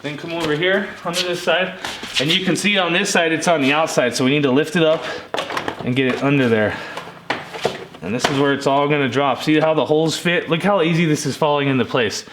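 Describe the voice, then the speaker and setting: Chatty man with a higher voice, roomy garage sound. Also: brisk. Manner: relaxed and chatty, addresses viewers as guys. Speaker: DIY vehicle tutorial host. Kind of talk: casual hands-on how-to walkthrough. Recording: roomy echo with faint noise.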